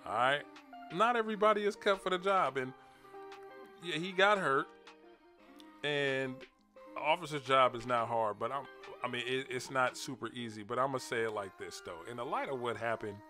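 A man with hosts a relaxed commentary video, chuckling and circling back over his words as he talks to his viewers. His voice sits in a middle pitch. Faint music plays behind him. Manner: laid-back, laughing, repeats words, addresses viewers directly. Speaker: commentary channel host.

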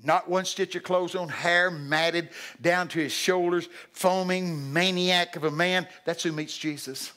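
A man preaching a lively sermon at a church service. His voice sits a little high and rings bright and forceful. He jokes with the congregation and bursts into shouted acted-out lines. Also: measured pace, hardly any pauses. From Texas.

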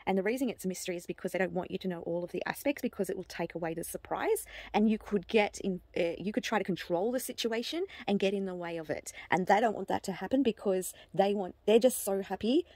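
A woman giving an oracle card reading to camera, gushing and excitable, with frequent halting restarts and delighted exclamations. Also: mid-range voice, no echo. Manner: halting restarts and repeated words. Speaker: psychic card reader.

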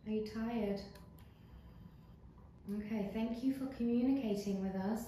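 A woman with a slightly high voice asks soft, reassuring questions at a slow pace. She is a paranormal investigator in a house. The mic sits well away from her in a very echoey room. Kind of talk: calm questioning during a ghost hunt. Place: indoors in a house. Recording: very echoey room, distant mic, faint noise.

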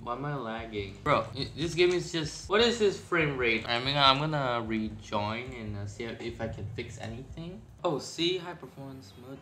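Bright-voiced man joking through a game. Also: mid-range voice. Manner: jokey, rambling, self-mocking. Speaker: gaming channel host. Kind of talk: casual gameplay commentary.

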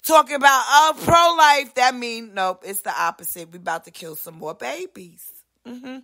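A woman hosting a podcast, delivering a profane, brash monologue rant and slipping in quick impressions of other people. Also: fairly high pitch, animated. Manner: profane, brash, swings loud and soft, voices other people mid-rant. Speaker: podcast host.

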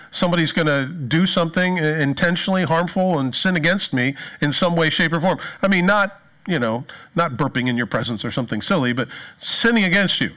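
A pastor delivers his sermon in a slightly high-pitched male voice. He tells stories with animation, acting out the voices of the people he quotes. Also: brisk, fairly bright tone.

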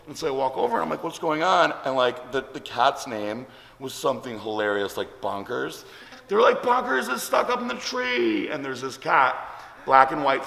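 Bright-voiced man rambling through a story. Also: mid-range voice, creaky. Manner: rambling, lots of likes and ums. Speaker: vlog host. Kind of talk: casual storytelling. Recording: echoey room with long reverb.

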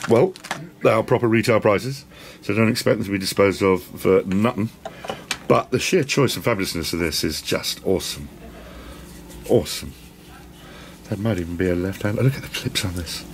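An enthusiastic man rambles cheerfully through a shop tour. His voice sits low with a gravelly edge. There is a faint hiss behind him. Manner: enthusiastic, rambling, self-deprecating. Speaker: presenter. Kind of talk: walk-around shop tour vlog. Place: indoor shop.

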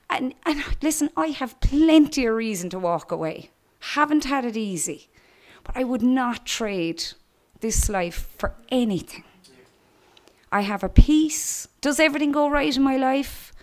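A woman's voice: high voice, lively intonation, unhurried. Earnest Irish woman giving church testimony. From Ireland. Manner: earnest and direct, addressing young people. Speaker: guest speaker giving testimony.

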